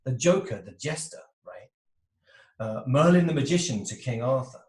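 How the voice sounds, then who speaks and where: A man in an interview explains relationships with a very lively, rising and falling voice, now and then acting out the people he talks about. His voice sits in a middle register and carries a roomy echo, as if he speaks into a video call from a bare room. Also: medium pitch, moderate pace, far from the mic. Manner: animated, acts out little voices of quoted types. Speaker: interview guest, relationship coach.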